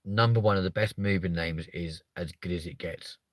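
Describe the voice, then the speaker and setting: On his comedic live stream, a man cracks jokes with viewers, cursing and wandering off on tangents, now and then breaking into silly high-pitched voices. He speaks at a normal speed, and the recording is dry.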